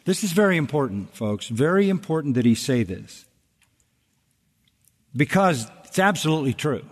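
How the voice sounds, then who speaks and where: Male pastor, sermon delivery, earnest and emphatic with repetition, slightly high voice, big reverberant sanctuary. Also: sing-song, normal speed.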